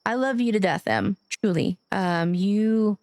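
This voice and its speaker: A woman talks casually to her live-stream audience while she plays, affectionate and gushing, with the odd curse thrown in. Her voice sits at a middle pitch. The sound is close and dry, with no room around it. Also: lively intonation, unhurried, a little mellow, no echo.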